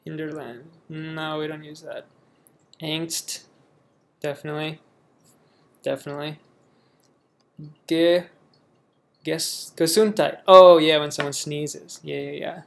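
A man's voice: fairly high pitch, level tone, slow, vocal fry, pauses often. A young man from the United States casually reading a word list aloud and reacting offhandedly in a vlog. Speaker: vlogger.

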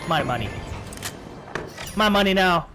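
A man giving casual gameplay commentary, profane and excitable, trash-talking as he plays. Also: high-pitched, unhurried. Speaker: gaming channel host. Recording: game music behind.

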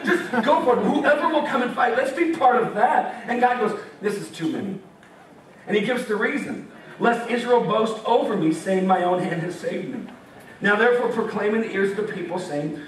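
A young man preaching casually in a high, lively voice, joking and acting out the characters as he reads scripture. He sounds far from the mic in a very echoey hall, with faint background noise. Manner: animated, jokey, acts out voices of God and Gideon. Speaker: campus ministry speaker. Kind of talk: casual sermon with scripture reading. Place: meeting hall.

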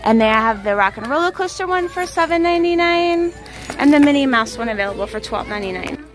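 A woman's voice: sits high, lively intonation, low-quality recording. A young woman on a casual shopping vlog, chatting and rattling off prices, filmed on a handheld camera in a large store. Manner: chatty, reads out prices quickly. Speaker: vlogger. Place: large store with loud music. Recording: loud store music behind.

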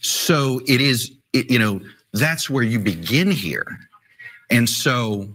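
A man giving television news commentary in a measured, critical way, with some hesitation, played from a broadcast clip. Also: medium pitch, expressive, fairly bright tone.

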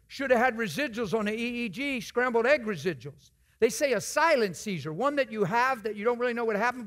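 High-voiced man preaching with wide swings. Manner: swings from hushed whispers to loud shouted emphasis; acts out conversations in other voices. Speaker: guest preacher. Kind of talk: sermon. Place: church.

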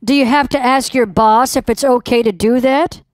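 A woman's voice: fairly high pitch, steady tone, moderate pace, no room sound, studio quality. A woman posing as a customer on a prank call, confrontational and demanding, swearing when annoyed. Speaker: scam baiter posing as a customer.

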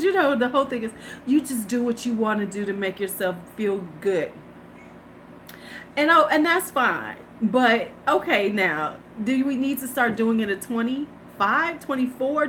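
Lively chatty woman on a live stream. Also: fairly high pitch, a little hiss or hum. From United States. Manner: chatty, laughing, greets viewers, mimics people in a flat voice. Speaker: beauty vlogger hosting a live stream. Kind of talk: casual live-stream chat.

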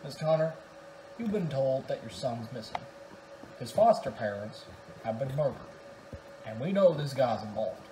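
A man's voice: mid-range voice, lively intonation, normal speed, long pauses, close to an everyday voice. A young man playing an impatient detective. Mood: pressing. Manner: pressing, frustrated questioning. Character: impatient male police detective. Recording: roomy echo with clear noise.

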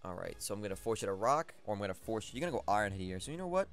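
Excitable young man commentating gameplay. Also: on the low side, rapid-fire, faint music behind. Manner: excitable, thinking aloud, talks to opponent. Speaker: competitive battle commentator.

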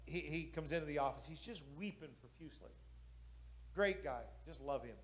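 A male pastor preaching a sermon with passion, building to loud exclamations. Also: a little high, animated, normal speed.

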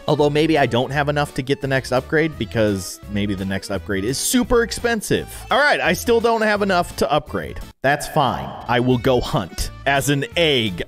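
A young man giving playful let's-play commentary on a video game, swinging from loud excited outbursts to mumbled asides. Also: mid-range voice. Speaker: gaming YouTuber.

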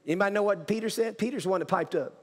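A man's voice: high voice, racing. A male pastor preaching a sermon in a church, emphatic, with repetitions and restarts. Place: church sanctuary. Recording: church hall reverb.

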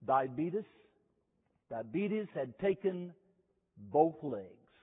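A man preaching a sermon, telling stories slowly and emphatically, repeating key phrases. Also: on the high side, big pitch swings, husky. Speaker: revival preacher. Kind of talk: sermon with storytelling. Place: chapel. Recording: tinny lo-fi chapel recording with long reverb.

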